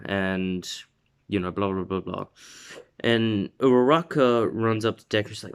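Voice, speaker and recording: Rambling low-voiced young man. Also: steady tone, normal speed, smooth. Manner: rambling, filled with "like". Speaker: storyteller. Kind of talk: casual fan-story retelling.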